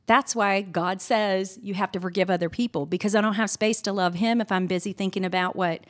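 A middle-aged woman, a guest in an interview, telling a personal story in an earnest, candid way and getting animated when she retells scenes. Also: mid-range voice, a little fast.

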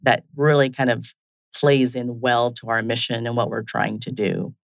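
A man's voice: medium pitch, flat delivery, normal speed, gravelly, dry recording, low-quality recording. Man speaking in business phrases, dry sound. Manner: talks in business phrases, leans on "kind of" and "right?". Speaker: business leader guest. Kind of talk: conversational interview.

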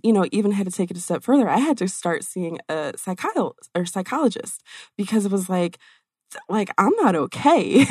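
A middle-aged woman telling her own story in casual conversation, animated and acting out quoted exchanges with lots of "like". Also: lowish voice, no echo, studio quality.

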